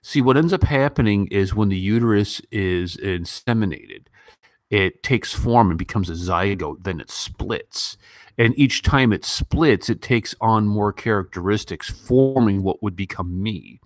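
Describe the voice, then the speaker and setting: A man in his late forties from Gary, Indiana, hosting a casual live chat and answering viewer questions. His voice sits very low and sounds dry and close, with no room around it. He delivers sardonic, deadpan quips between lots of ums. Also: a little slow, dry recording. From Gary, Indiana, United States.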